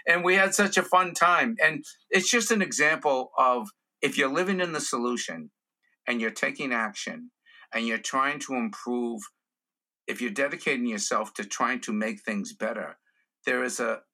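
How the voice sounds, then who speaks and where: A man, a comedian and guest on a podcast interview, telling stories in an animated way and slipping into character voices. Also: mid-range voice. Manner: animated storyteller who slips into character voices.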